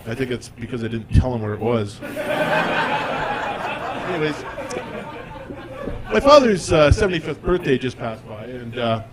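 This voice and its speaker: A man's voice: mid-range voice, very animated, moderate pace, pauses often, over a noisy crowd, very noisy. A man in his forties performing a stand-up comedy routine on stage, with a conversational, self-deprecating delivery. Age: 40s. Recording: live audience in a comedy club.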